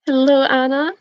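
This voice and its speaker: A young woman, bubbly and prone to little laughs, chatting to her viewers in a fairly high voice. The sound is dry and close, with a dull, lo-fi stream quality. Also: no room sound. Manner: bubbly, giggly, reading out chat messages. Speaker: booktube streamer. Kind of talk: casual live-stream chat.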